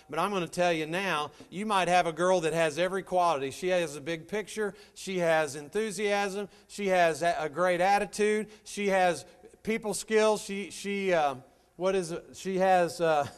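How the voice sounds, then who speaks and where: A man's voice: sits high, clean tone. A middle-aged man giving a folksy motivational talk to a live audience, telling stories and addressing listeners directly. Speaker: motivational speaker.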